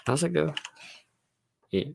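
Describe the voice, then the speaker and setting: A man's voice: a little high, slow, vocal fry, slightly rough, dry recording, studio quality. A man hosting a casual livestream, chatting loosely and laughing often between phrases. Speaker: livestream host. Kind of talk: casual live commentary. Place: home.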